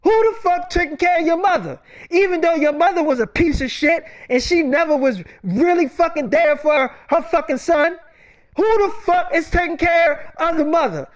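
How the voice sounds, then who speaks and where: A woman playing a furious, foul-mouthed aunt. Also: extremely high pitch. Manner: profane, rapid-fire scolding. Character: furious aunt ranting at her in-laws.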